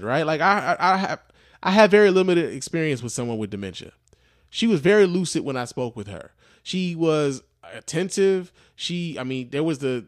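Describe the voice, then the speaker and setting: A man's voice: mid-range voice, no room sound, studio quality. A man hosting a podcast, telling a story casually with profanity and lots of fillers. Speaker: podcast host.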